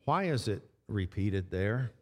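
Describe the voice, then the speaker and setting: Man, pastor, sermon, unhurried delivery, emphatic repeated phrases, church hall echo. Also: fairly low pitch, lively intonation, a little mellow. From Texas. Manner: slow, repetitive preaching with emphatic repeated phrases. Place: church sanctuary. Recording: long church hall reverb.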